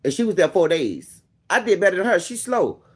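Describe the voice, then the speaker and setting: A man hosting a vlog, casually telling a story to a friend in a profane, animated way and acting out what people said. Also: sits high, fairly quick, slightly rough. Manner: animated, profane, acts out quoted dialogue. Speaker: vlog host.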